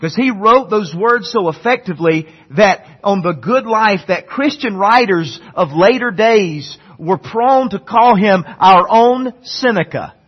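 A man preaching a sermon as a pastor. He talks earnestly, swinging between loud emphatic peaks and soft low passages, and often repeats a word as he starts a line. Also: lively intonation, unhurried, few pauses, husky. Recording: dull lo-fi sermon recording.

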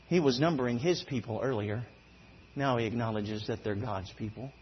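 A man preaching a sermon, swinging between loud exclamations and low, quiet emphasis. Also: fairly quick, husky, muffled recording.

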